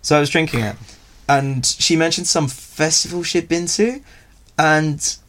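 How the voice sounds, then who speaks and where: A man's voice: fairly high pitch, unhurried, a bit bright, a little hiss or hum. A young man, telling a rambling, self-deprecating story as a podcast guest. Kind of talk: casual storytelling chat.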